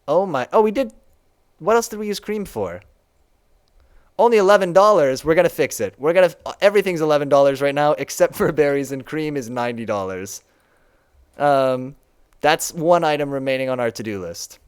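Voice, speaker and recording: A man's voice: fairly high pitch, lively intonation, normal speed, clean tone. A young man casually walking through his own game on a live stream, chatty and laughing often.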